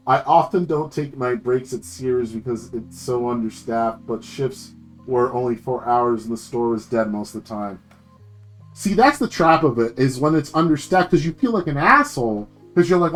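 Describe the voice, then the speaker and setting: A man's voice: moderate pace, soft background music. Ranting young man streamer. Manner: animated ranting, heavy swearing, jumps up high in pitch when indignant. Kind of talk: casual ranting stream talk.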